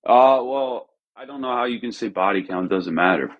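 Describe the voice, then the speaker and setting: A man's voice: mid-range voice, moderate pace, highs cut off. A man calling in to a livestream, talking in an offhand, hesitant way. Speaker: caller. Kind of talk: casual call-in chat.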